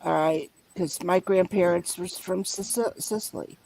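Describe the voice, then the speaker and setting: A woman's voice: lowish voice, steady tone, normal speed, gravelly, a little mellow, rough recording. An older woman telling a story from her childhood in a casual group chat, blunt and salty.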